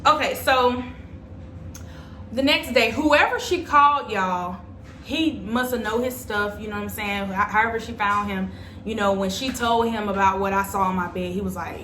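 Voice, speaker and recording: A woman's voice: medium pitch, normal speed, pushed and bright, echoey room, a little hiss or hum. A young adult woman telling a personal story to her viewers in a chatty, dramatic way. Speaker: vlogger. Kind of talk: storytime vlog.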